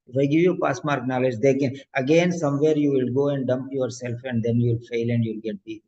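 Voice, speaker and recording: A man coaching students for an exam, giving a preachy motivational talk in a mid-pitched voice and repeating lines for emphasis. The sound is dull and lo-fi. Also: steady tone, a little fast, few pauses, dark tone. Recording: dull lo-fi lecture audio.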